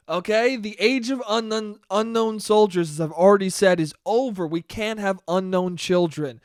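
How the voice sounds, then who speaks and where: A young man from New York hosting a solo comedy podcast, riffing with profanity, swinging from loud bursts to mumbled asides and high laughs. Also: a little slow, few pauses, clean tone, dry recording, clean studio sound. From New York (Westchester). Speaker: podcast host.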